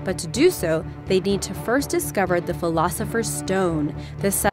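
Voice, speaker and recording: A woman reads a scripted science explainer in a brisk, wry way. Her pitch moves a lot as she speaks. Clear music plays behind her, since the video is played over the stream. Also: lively intonation.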